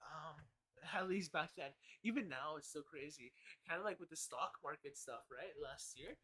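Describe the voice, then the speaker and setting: A man's voice: a little high, moderate pace, bright, forceful tone. A young man rambling through a casual live stream, often correcting himself and swearing freely.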